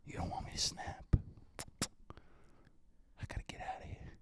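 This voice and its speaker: A man playing a volatile shouting detective. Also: deep voice, moderate pace, vocal fry, noisy background, pitched below the performer's own voice. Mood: hushed. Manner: yelling then whispering apologies. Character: stressed middle-aged male cop, volatile.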